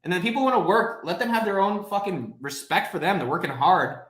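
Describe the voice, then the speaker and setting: Hosting a casual livestream Q&A from his home office, a man rambles, swears freely, and riffs off viewers' questions in a blunt, animated way. His slightly high voice moves fairly quickly, and the room adds a noticeable, roomy echo.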